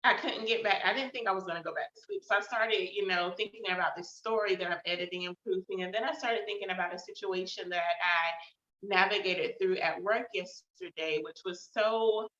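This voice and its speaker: Bright-voiced woman chatting reflectively. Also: mid-range voice, fairly quick. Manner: chatty and reflective, many fillers. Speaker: host. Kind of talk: casual personal check-in talk. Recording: roomy, slightly dull sound.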